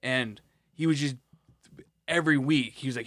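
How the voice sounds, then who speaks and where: A man's voice: medium pitch, fairly quick, a bit bright, dry recording. A man co-hosting a podcast in casual chat, rambling and swearing with many restarts. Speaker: podcast co-host.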